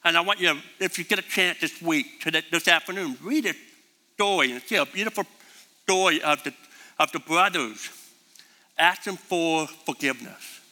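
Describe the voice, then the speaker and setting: A man's voice: a little high, normal speed, pushed and bright, big-room sound. A man preaching a sermon as a pastor, emphatic and repeating his key phrases.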